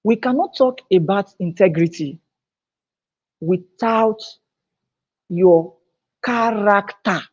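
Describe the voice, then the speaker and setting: A woman giving a motivational talk at a business seminar, her pitch sitting mid-range. She pushes her key points with a climbing, louder voice and often restarts and repeats phrases. The recording is dull and lo-fi. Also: slow pace, long pauses. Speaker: seminar speaker. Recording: dull lo-fi sound.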